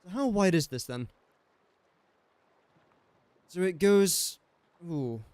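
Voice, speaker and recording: A man's voice: sits high, lively intonation, slow pace, darkish tone, no echo. A young English man casually thinking aloud while streaming a building game and chatting to viewers. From England. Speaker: gaming streamer. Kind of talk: casual live-stream commentary.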